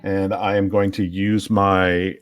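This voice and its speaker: A man playing in an online tabletop game, hesitant and filling pauses while he decides. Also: sits low, flat delivery, clear, resonant tone, dry recording, studio quality. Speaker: player.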